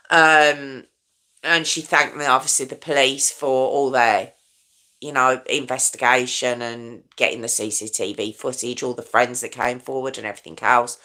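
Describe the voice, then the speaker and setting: A woman's voice: deep voice, sharp tone. A woman hosting a true crime channel, telling the story in a chatty, frank way with lots of fillers.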